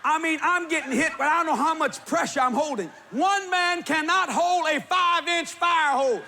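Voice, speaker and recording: A man preaching, telling a funny story with laughter and bursts of shouting. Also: very high voice, normal speed. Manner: animated, laughing while telling, shouting at peaks. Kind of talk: humorous storytelling sermon. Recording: live audience with crowd noise.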